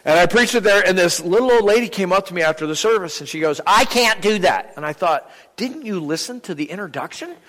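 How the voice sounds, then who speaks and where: Older man, preacher, sermon, humorous and conversational, slightly high voice, long church-hall reverb. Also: a bit bright. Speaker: visiting preacher. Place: church sanctuary.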